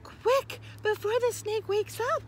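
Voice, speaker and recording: A woman's voice: a little high, animated, moderate pace, natural voice. A woman voicing an anxious mother frog in a storybook, giving urgent warnings, with background noise. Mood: alarmed.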